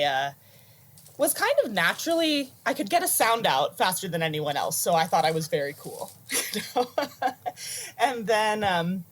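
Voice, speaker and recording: An American woman tells her story over a video call in a casual, animated way. Her voice sits a little low for a woman, and she laughs often as she talks. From United States. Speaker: interview guest, flutist.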